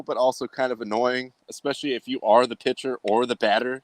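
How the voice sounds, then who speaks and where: A man's voice: mid-range voice, brisk, hardly any pauses, no echo. A man hosting a casual sports talk show, speaking in a rambling way with many fillers. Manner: rambling, filler-heavy delivery.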